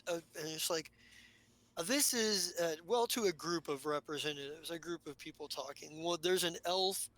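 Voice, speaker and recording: A man with a bright tone narrates a tabletop game as game master. He talks haltingly, stringing his thoughts together with fillers. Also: a little high, dry recording.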